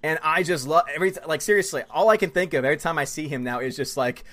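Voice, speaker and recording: Fast-talking excitable young-sounding man. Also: a little high. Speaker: livestream host reading chat; student and musical theater performer. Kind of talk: casual live-stream chat.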